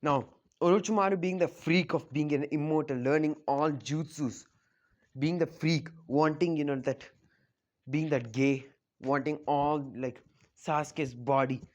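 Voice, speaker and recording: A man's voice: on the high side, fairly even intonation, a little slow, muffled recording. A man casually retelling a fan-made story, rambling with lots of fillers. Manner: rambling, full of fillers like "like" and "you know".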